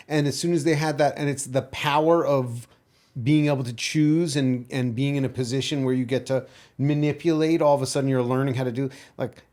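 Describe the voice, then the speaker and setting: Male co-host, mid pitch, brash and animated, swears for laughs. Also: brisk. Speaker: podcast co-host, chef. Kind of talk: casual chat.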